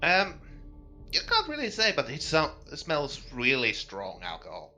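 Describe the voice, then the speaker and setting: A man narrating as game master, pausing and searching for words as he goes. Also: fairly high pitch, huge pitch swings, pushed and bright, faint music behind.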